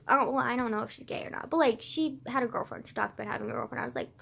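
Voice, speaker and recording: A woman's voice: a little high, very fast, vocal fry, hardly any pauses, a bit bright. A young woman telling a personal story in a casual vlog, rambling with constant "like" and casual swearing.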